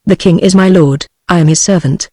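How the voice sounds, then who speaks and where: A gentle young warrior maiden, read by a text-to-speech voice at a medium pitch. The reading stays even and plain, with no change of voice for her. The sound is dry and close. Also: fairly quick, dry recording, lightly acted. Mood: tender. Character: young peasant woman turned gentle warrior.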